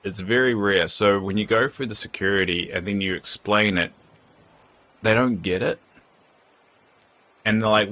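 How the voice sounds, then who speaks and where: A man's voice: fairly low pitch, normal speed, long pauses, pushed and bright. A man chatting casually and frankly while streaming a game, rambling from thought to thought. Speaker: livestreamer. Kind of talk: casual gameplay chat.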